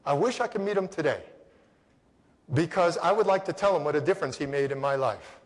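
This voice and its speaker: Brief: animated male keynote storyteller, higher voice, big-hall reverb. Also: brisk. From Connecticut, USA. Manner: animated, acts out voices, addresses the audience directly. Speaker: motivational speaker. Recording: long reverb of a large hall.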